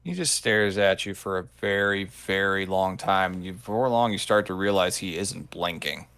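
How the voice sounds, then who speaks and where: A man's voice: low voice, normal speed, a bit bright, clean tone, dry recording. A man narrating and voicing characters as game master of a tabletop game.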